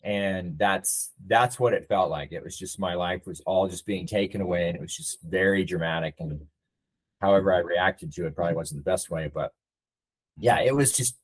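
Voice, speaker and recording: A man with a low, husky voice recounts a story in a relaxed interview. He is middle-aged and reflective, and he slips into the voices of the people he quotes. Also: normal speed, low-quality recording. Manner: reflective storyteller who acts out quoted dialogue. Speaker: interview guest, nonprofit CEO and navy veteran.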